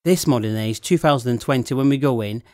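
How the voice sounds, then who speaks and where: A middle-aged man, a wine shop owner chatting casually, telling animated stories and laughing often. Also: medium pitch, fast talker, no echo, studio quality. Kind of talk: casual chat.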